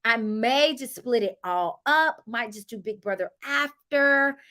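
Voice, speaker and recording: A woman hosting a casual reality TV recap vlog, sassy and animated, talking straight to her viewers and calling them honey. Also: fairly high pitch, a little slow.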